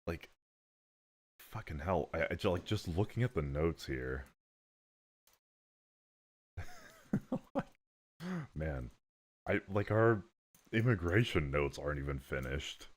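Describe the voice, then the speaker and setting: A man's voice: very deep voice, lively intonation, slow pace, long pauses. A man hosting a livestream, talking in a rambling, casual way, swearing often and laughing between remarks. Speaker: livestream host. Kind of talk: casual commentary while reacting to clips.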